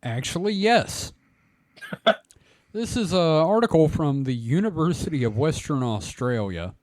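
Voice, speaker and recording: A man hosting a podcast with a fairly high, lively voice that swings up and down as he jokes and reads. The sound is dry and close to the mic. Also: a little slow, no room sound. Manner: joking, laughs often, animated reading. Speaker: podcast host. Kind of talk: casual chat, reading an article aloud.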